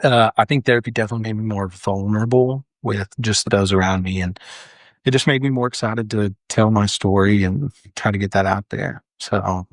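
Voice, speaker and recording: Earnest young man, low dry voice. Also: a little fast, no room sound. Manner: earnest, frequent "like" fillers and restarts. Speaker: firefighter guest. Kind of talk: candid storytelling in a podcast interview.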